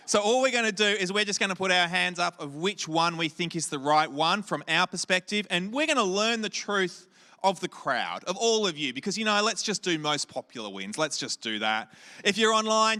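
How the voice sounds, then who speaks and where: A man hosting a lively crowd game for children in a large hall, drawing out each question. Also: a little high. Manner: upbeat, drawn-out questions. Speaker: kids' church host. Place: large hall with a live audience. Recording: hall reverb.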